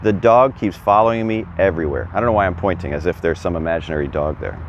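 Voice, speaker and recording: This man speaks fast in a low voice while giving a chatty Spanish lesson outdoors, quizzing and encouraging whoever's watching. A camera on a stand captures him, with the highs cut off and slight background noise.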